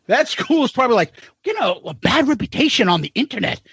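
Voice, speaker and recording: A man's voice: very high voice, sing-song, fast, gravelly, fairly bright tone, slightly rough, no room sound. A man in his forties, co-hosting a podcast in casual chat, profane and laughing as he tells stories. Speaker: podcast co-host.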